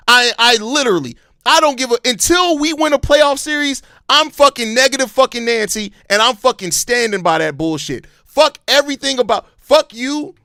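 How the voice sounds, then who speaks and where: A man with a very high, bright, forceful voice hosts a live sports podcast. He rants with passion and heavy profanity. The sound is close and dry. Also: no echo. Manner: impassioned, heavily profane ranting; calmer, apologetic stretches between outbursts. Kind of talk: live-stream sports fan commentary.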